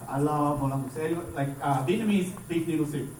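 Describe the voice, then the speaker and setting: A young man gives a conversational sermon, his voice pitched high for a man. He keeps checking in with the room as he talks. The sound carries the ring of a reverberant hall, picked up from a distance. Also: steady tone, fast, few pauses, a little mellow, a little hiss or hum. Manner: conversational, repeats "right?" to the congregation. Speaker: pastor. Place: church hall. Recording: echoey hall, voice from far off.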